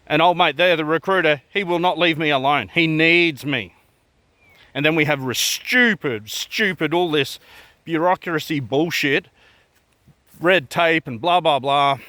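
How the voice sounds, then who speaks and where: A man with an Australian accent rants straight to camera, blunt and profane, throwing out one rhetorical question after another. His voice is forceful and tense. It sits a little high for a man. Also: unhurried, dry recording. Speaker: vlogger. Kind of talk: ranting to camera.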